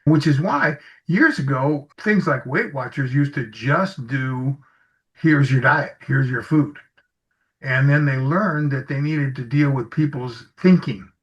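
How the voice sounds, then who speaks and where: He talks slowly, with a medium pitch and a slightly bright tone. As an executive coach under interview, he tells easygoing anecdotes and plays out bits of dialogue, all captured in slightly muffled audio.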